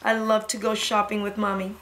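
A woman's voice: mid-range voice, monotone, fairly quick, a bit bright. A woman teaching a preschool lesson to young children, in a cheerful sing-song way.

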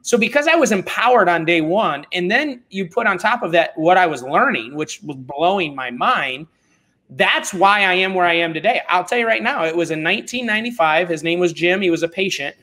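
A middle-aged man talking as a podcast guest, telling stories in a blunt, animated, informal way. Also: sits high, fairly quick. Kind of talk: casual conversational storytelling.

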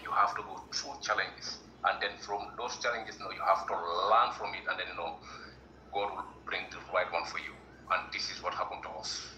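A man's voice: low voice, steady tone, a little fast, pushed and bright, roomy sound, a little hiss or hum. A man from Gambia, a guest on a livestream, speaking earnestly and repeating himself with lots of "you know". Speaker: guest caller. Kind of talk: casual chat.

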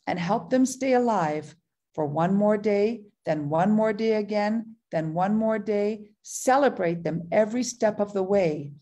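A woman's voice: mid-range voice, measured pace, mellow. Enthusiastic woman giving a motivational training. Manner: enthusiastic, repeats phrases for emphasis. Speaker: network marketing trainer.

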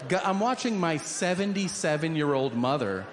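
Brief: middle-aged male comic, lively storytelling, noisy live club. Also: fairly high pitch, moderate pace. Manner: animated, exasperated storytelling. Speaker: stand-up comedian. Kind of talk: stand-up storytelling.

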